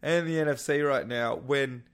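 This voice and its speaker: A man co-hosting a casual sports podcast, animated and swearing freely, his voice jumping up when excited. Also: medium pitch, normal speed, clear, resonant tone. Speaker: podcast co-host.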